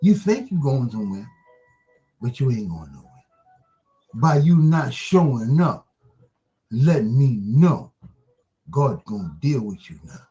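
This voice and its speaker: A man hosting an online broadcast, delivering an impassioned religious monologue with rapid-fire rhetorical questions that taunt the listener. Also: mid-range voice, very animated, dark tone, faint music behind.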